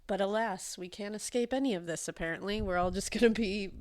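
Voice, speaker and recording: Woman, stuffy-nosed, mid-pitch, loose conversational podcast host. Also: fairly quick, darkish tone. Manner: chatty, with frequent fillers and laughs. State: congested. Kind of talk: casual true-crime chat.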